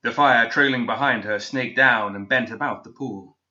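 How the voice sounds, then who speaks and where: A man reading a fantasy story aloud in a measured, steady way, as scripted narration on a dull lo-fi recording. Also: mid-range voice.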